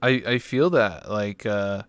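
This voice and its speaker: A man's voice: on the low side, expressive, takes it slowly, smooth, no echo. A man hosting an interview show, chatting casually and animatedly acting out other people's reactions as he tells stories. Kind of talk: casual chat.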